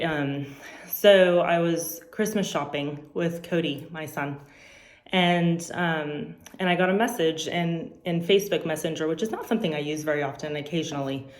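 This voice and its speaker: A woman in her forties, a teacher giving an earnest, halting church devotional with frequent ums. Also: low-pitched, reverberant. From California. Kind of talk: personal devotional talk.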